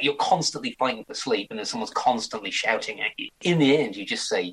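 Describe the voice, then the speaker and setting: A man in his forties, an actor chatting as an interview guest in an animated way. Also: lowish voice, fast talker, few pauses, breathy edge, low-quality recording. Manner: chatty, animated, slips into mock accents. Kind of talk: casual interview chat.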